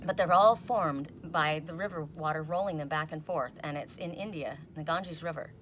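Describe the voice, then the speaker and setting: A middle-aged woman reading oracle cards in a casual, rambling chat, telling stories and quoting people in animated voices. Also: low-pitched, normal speed, a little hiss or hum. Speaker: oracle card reader. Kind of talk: casual chatty video reading.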